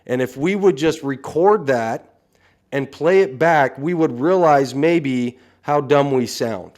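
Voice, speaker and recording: A man's voice: mid-range voice, slow pace, darkish tone. A man, a coach, talking earnestly and frankly in a casual podcast chat, often saying "you know".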